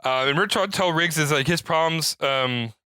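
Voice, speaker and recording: A man's voice: moderate pace, smooth, dry recording, studio quality. A man casually recapping a film scene by scene, acting out the characters' lines. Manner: animated retelling, acting out quotes with rising pitch. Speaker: podcast co-host. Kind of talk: casual movie recap chat.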